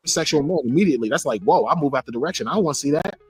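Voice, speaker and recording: Man, very fast talker, brash and slangy, dry sound, faint music. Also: fairly high pitch, animated, darkish tone, slightly rough, dry recording. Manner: brash, slangy, acts out quoted dialogue. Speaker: interviewee in a played clip. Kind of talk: casual storytelling.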